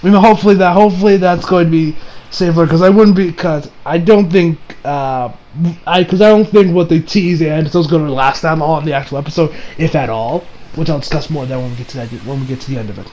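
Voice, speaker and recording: A high-pitched man in a casual, rambling recap, full of restarts and laughs. He jumps into quick voices for the characters he quotes. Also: darkish tone, low-quality recording. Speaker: anime reviewer.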